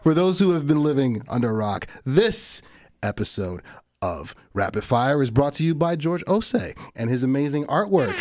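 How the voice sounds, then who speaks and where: A man's voice: on the high side, animated, normal speed, music in the background. A man hosting a casual podcast chat who laughs often and hypes things up playfully. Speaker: podcast host.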